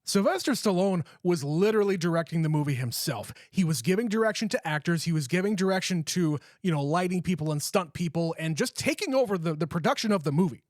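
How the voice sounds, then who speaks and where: A man's voice: high-pitched, lively intonation, fast, few pauses, no echo, studio quality. Easygoing young man podcast co-host. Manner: easygoing, recounts scenes in detail. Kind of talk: casual movie review chat.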